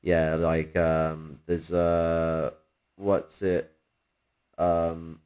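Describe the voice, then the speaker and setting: A man's voice: low voice, monotone, extremely slow, darkish tone, clear, resonant tone. A man in casual conversation, rambling with many fillers and swearing freely. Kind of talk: casual podcast chat.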